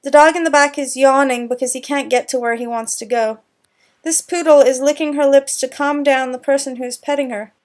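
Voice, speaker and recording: A woman's voice: high voice, steady tone, brisk, darkish tone. A woman dog trainer doing plain explanatory voice-over narration for a lesson.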